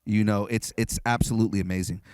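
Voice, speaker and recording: A man's voice: fairly low pitch, steady tone, fast talker, darkish tone, clear, resonant tone, no echo. A young man hosting a podcast interview, chatty and enthusiastic as a fan. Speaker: podcast host. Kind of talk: casual interview.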